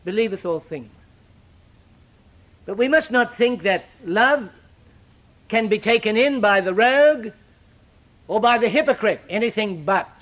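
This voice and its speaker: An older man preaching a sermon, with dramatic, sweeping shifts in pitch and loudness. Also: animated, measured pace, long pauses.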